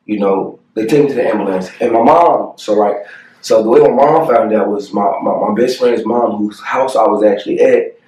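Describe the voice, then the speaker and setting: A young man with a fairly low voice retells a painful memory, earnest and halting, with many fillers along the way. He sounds a little off-mic, and the room around him is echoey. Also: darkish tone, distant mic. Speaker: family vlogger. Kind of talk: personal storytelling to camera.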